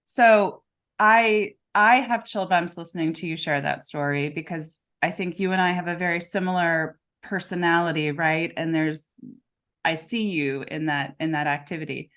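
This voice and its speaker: A woman's voice: low-pitched, fairly even intonation, moderate pace, fairly bright tone. A woman coach hosting a casual interview, emphatic and often checking in with "right?". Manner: emphatic, peppers talk with "right?". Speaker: podcast host, coach.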